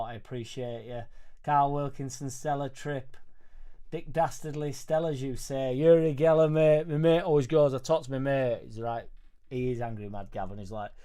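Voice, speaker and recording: A man's voice: medium pitch, darkish tone. Rambling Yorkshire man on a livestream. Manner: rambling, cheeky, swears freely. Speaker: football fan channel host. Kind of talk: casual late-night livestream chat. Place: small home music studio.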